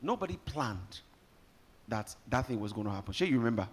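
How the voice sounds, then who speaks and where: A Nigerian man emcees a live summit from a conference hall, lively and joking with guests while rallying the audience. His voice is on the low side and brisk.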